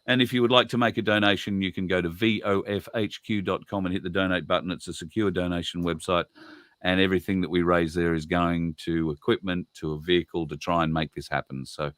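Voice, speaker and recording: A man's voice: low-pitched, steady tone, a little fast, fairly bright tone, no room sound. An Australian man hosting a live stream in a rambling, chatty way, laughing often. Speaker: host. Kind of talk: casual live-stream chat.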